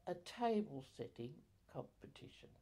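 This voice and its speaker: An older woman recalling her community life in an oral history interview, halting with many fillers and self-corrections. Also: sits low, sing-song, creaky, mellow, a little hiss or hum.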